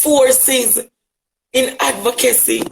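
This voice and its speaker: A man's voice: very high voice, fairly even intonation, slow pace, creaky, slight background noise, poor audio. A man from Jamaica with a Jamaican accent, an LGBTQ advocate delivering a fiery, rhetorical monologue at a critic and repeating phrases for emphasis. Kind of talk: impassioned monologue addressing a critic.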